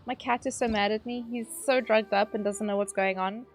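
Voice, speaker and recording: A woman's voice: medium pitch, steady tone, fairly quick, hardly any pauses, faint music behind. A woman streamer chatting casually while she plays, talking loosely with lots of fillers and frequent laughter. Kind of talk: casual chat while gaming.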